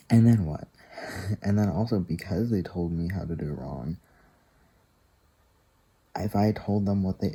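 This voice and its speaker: Rambling to the camera, a vlogger tells a long, casual story and acts out what other people said, peppering it with "I'm like" and "he's like." His voice is low, gravelly and dark, with a breathy edge, and the recording is rough.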